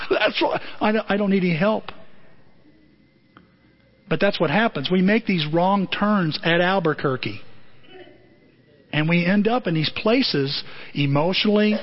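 A middle-aged male pastor telling a story in a sermon, animated and conversational, with comic asides. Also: high voice, measured pace, long pauses. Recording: dull lo-fi audio.

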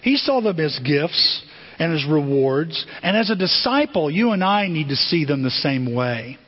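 Older male preacher, animated storyteller, raspy high voice, long reverb and muffled sound. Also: a little slow. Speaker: pastor. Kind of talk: sermon. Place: church sanctuary. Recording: dull long-reverb church hall.

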